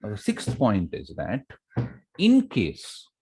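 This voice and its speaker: A deep-voiced, middle-aged man speaking English with an Indian accent, lecturing students on handling exam nerves. He drills his points by repeating them, stretches words out slowly for emphasis and keeps asking his audience rhetorical questions. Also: huge pitch swings, darkish tone, husky. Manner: repeats key phrases and quizzes listeners with rhetorical questions. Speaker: college academic director giving exam advice.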